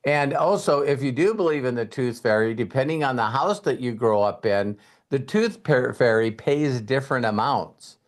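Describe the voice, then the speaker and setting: A man hosting a casual live talk, rambling and animated, with frequent fillers and laughs, speaking into a webcam. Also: mid-range voice, normal speed. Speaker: host.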